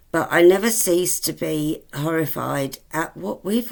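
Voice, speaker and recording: A woman's voice: deep voice, measured pace, vocal fry, hardly any pauses. A woman in her forties chatting to camera, rambling and hesitant, with many ums and fond asides to her viewers. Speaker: vlogger. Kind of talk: casual chat to camera.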